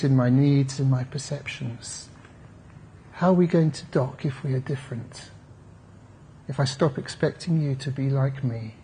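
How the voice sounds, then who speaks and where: A man's voice: fairly high pitch, warm tone, slight background noise. A man, a therapist, giving a conference talk in a reflective, conversational way with wry asides to the audience. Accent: British English.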